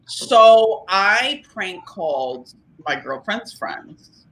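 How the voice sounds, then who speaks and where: A woman co-hosting a podcast in casual chat, joking and animated. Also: fairly low pitch. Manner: animated, joking, quick laughs. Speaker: podcast co-host.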